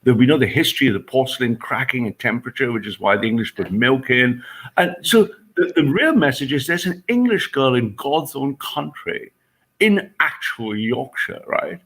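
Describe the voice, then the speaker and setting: Husky-voiced animated male commentator. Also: mid-range voice, moderate pace. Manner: animated, emphatic, repeats "right?". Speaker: co-host of a reaction show. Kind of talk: rambling commentary.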